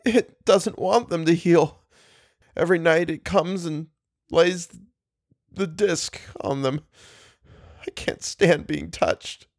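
Guy doing a scared broken-down scholar, halting and shaky, slow and quiet, dry audiobook voice. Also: mid-range voice, lively intonation, no echo, pitched above the performer's own voice, lightly acted. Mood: anguished. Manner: faltering, halting, sobbing speech. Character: frightened, broken man scholar, haunted and trembling. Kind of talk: audiobook character voice.

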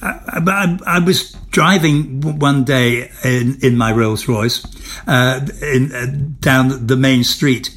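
A man's voice: mid-range voice, takes it slowly, fairly bright tone, breathy edge. An older man, an actor, telling stories in an interview, theatrical and amused, often repeating and restarting his words. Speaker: interview guest, former soap actor. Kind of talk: candid anecdotal chat.

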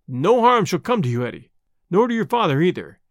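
A man's voice: high-pitched, very animated, a little fast, dry recording, clean studio sound. A man playing a bold defiant young man.

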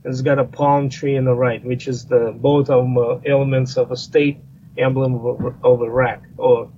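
A man's voice: medium pitch, little pitch movement, normal speed, dark tone. A man in a casual podcast discussion, talking in a rambling way with many fillers and restarts. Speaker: guest firearms expert. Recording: slightly muffled line with faint noise.

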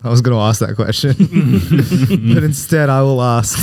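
A man's voice: medium pitch, measured pace, dry recording, studio quality. A man with an Australian accent co-hosting a casual podcast, teasing and laughing a lot during a word game. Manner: laughing often, teasing, lively. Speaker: podcast co-host. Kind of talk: casual banter while playing a word game.

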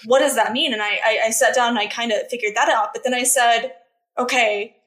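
Earnest woman with a high voice in a roomy echo. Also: fairly even intonation, a little fast, fairly bright tone. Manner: earnest and emphatic, rising sharply when reliving anger. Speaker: podcast guest. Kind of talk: candid personal storytelling.

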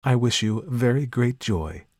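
A man's voice: mid-range voice, a little fast, darkish tone, no room sound, studio quality, pitched above the performer's own voice, lightly acted. A man reading aloud, voicing a jealous, proud elder sister with a cold, clipped manner.

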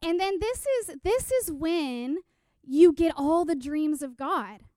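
A woman giving an animated personal testimony sermon, telling stories with quoted asides and questions to the audience. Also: sits high, takes it slowly, no echo, clean studio sound. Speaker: speaker at a church gathering.

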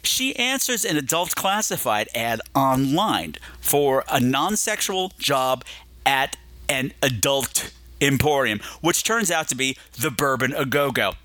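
Playful, lively male film reviewer. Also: medium pitch, a little slow, no echo. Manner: playful and digressive, slipping into silly voices. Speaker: film podcast host. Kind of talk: casual film review chat.

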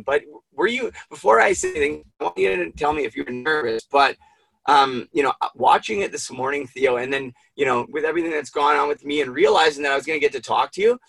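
Male host, gravelly, husky, emotional rambling chat. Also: a little high, a bit bright, no room sound, rough recording. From Canada. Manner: emotional, rambling, swears freely. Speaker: podcast host. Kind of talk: casual interview chat.

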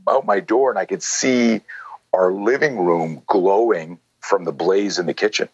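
A man in his sixties, a self-defense instructor, telling stories in casual conversation, rambling with many fillers and a husky voice. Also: deep voice, unhurried, dry recording, dull audio. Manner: rambling, lots of "you know" and "like". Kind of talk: conversational storytelling.

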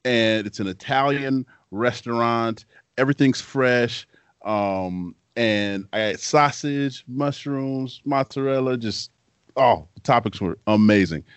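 A man co-hosting a podcast in casual chat, telling animated stories and laughing often. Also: mid-range voice, takes it slowly, clean tone, no room sound. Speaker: podcast co-host, former football player. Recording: dry, dull lo-fi sound.

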